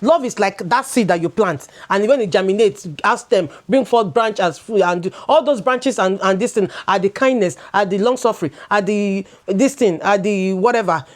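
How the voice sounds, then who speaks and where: A Nigerian woman in her thirties, co-hosting a relaxed talk show. She talks animatedly, drifts between English and Pidgin, and circles back over her own words as she makes her point. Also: medium pitch, moderate pace, hardly any pauses. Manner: animated, switching into Pidgin, laughing, repeating words as she goes. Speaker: co-host. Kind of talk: casual chat.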